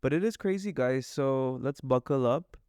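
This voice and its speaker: A man's voice: medium pitch, moderate pace, darkish tone, clear, resonant tone, no echo, clean studio sound. Joking young man co-hosting. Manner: joking, easygoing, addresses listeners as guys. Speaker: podcast co-host. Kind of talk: casual chat.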